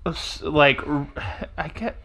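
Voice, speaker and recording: A woman's voice: low voice, slow pace, creaky, a bit bright. A woman co-hosting a podcast in casual chat, rambling and hesitant with many fillers. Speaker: podcast co-host.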